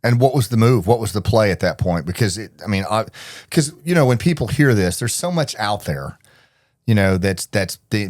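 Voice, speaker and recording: A male podcast host with a low voice works through probing questions, often restarting mid-sentence. His voice sounds close and dry. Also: dry recording. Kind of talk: interview conversation.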